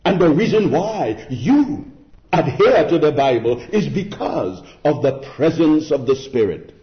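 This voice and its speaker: A man preaching in a slow, deliberate sermon with a fairly high, very lively voice that climbs and drops for emphasis. He keeps putting rhetorical questions to his listeners. The recording sounds dull and lo-fi. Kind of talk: expository sermon.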